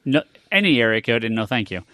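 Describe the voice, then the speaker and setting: Bright-voiced male podcast host. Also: medium pitch, very animated, fast talker, dry recording. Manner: joking, rambling with fillers. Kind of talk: casual group chat.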